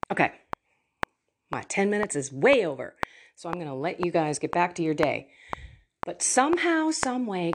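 A woman hosting a Catholic podcast, telling personal faith stories in an earnest, animated way with laughs and asides. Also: on the low side. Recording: audible background noise.

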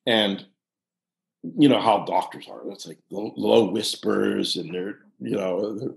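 A man in his sixties from Pittsburgh, telling a long personal story in a casual, halting way with frequent restarts. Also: fairly low pitch, gravelly. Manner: animated, halting with restarts, drops to hushed tones. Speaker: guest storyteller, former soccer coach. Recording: roomy echo.

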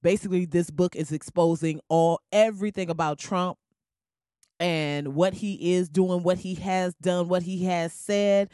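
A woman's voice: lowish voice, a little slow, clean tone, dry recording, studio quality. Laughing, slangy woman podcast host. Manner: loud, laughing, slangy and animated. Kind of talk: casual comedic podcast monologue. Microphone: crackly podcast mic.

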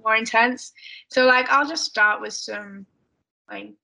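An English woman talking casually as a podcast guest, rambling through her answers with plenty of fillers. Her voice sits a little high and sounds bright and forward. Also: takes it slowly, gravelly, poor audio. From United Kingdom. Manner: chatty, rambling with many fillers. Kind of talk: casual chat.

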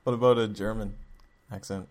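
A man's voice: on the low side, fairly even intonation, a little fast. A young man co-hosting a podcast in casual chat, teasing and amused as he prompts his friend. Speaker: podcast co-host.

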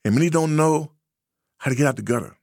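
A man's voice: fairly high pitch, fast talker, gravelly, darkish tone, dry recording, clean studio sound. A man from the United States giving a preachy, emphatic commentary monologue, repeating phrases for effect. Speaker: social commentator.

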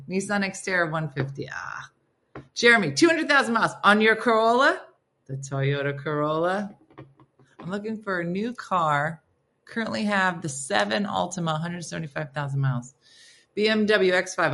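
A woman hosting a morning radio show, chatting casually and reading listener replies aloud in quick lists. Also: medium pitch, bright, forceful tone. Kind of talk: casual chat.

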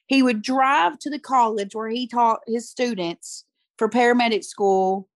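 A woman's voice: on the high side, a little slow, no room sound. A middle-aged woman and youth pastor telling her personal story in conversation, earnest and emotional, repeating phrases for emphasis.

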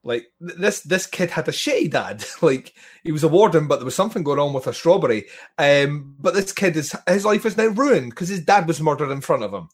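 A man co-hosting a podcast in casual chat, animated, laughing often and swearing casually. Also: fairly high pitch, brisk, breathy edge. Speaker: podcast co-host.

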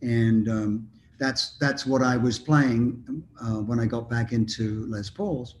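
An older man spins a meandering story in a relaxed interview. His voice sits at a middle pitch, he pauses often with ums and restarts, and faint noise hums behind him. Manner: rambling anecdotal, with frequent ums and restarts. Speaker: guest musician.

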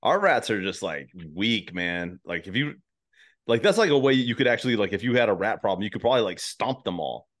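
A man's voice: on the low side, big pitch swings, fairly quick, fairly bright tone. Laid-back profane man hosting a comedy chat. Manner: loose, profane, laughs often. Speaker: comedy podcast host.

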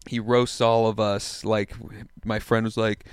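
A man's voice: lowish voice, level tone, clean tone, dry recording, studio quality. A man in his twenties, stoned, telling a long casual story with lots of profanity and funny impressions. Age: 20s. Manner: laid-back, profane, drawn-out storytelling with impressions. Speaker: podcast host telling a story.

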